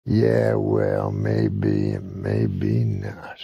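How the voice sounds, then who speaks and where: A man's voice: a bass voice, sing-song, drawn-out words, gravelly, mellow, breathy edge, dry recording, muffled recording, soft background music, pitched below the performer's own voice, full character voice. A man voicing a big bigoted redneck who blusters and threatens in a joke. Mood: bullying. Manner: blustering, menacing.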